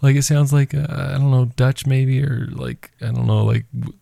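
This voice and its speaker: A man chatting loosely as a podcast co-host, rambling through fillers and quick to laugh. His voice has a gravelly, fry-edged texture. The sound is dry and close, with no room to it. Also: mid-range voice, fairly even intonation, warm tone, no room sound. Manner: rambling, giggly, lots of fillers. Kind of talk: casual chat.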